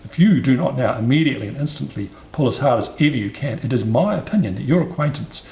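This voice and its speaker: A man voicing a pompous, long-winded male python with a creaky, scornful delivery. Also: medium pitch, lively intonation, quick pace, a little mellow. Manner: pompous, wordy. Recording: roomy echo, faint ambience.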